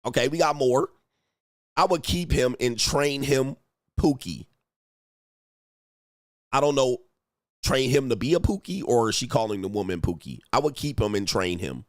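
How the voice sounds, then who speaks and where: A man's voice: medium pitch, expressive, moderate pace, pauses often, no room sound, studio quality. A man giving casual relationship-coach commentary on online comments, blunt and profane, mimicking the men he quotes.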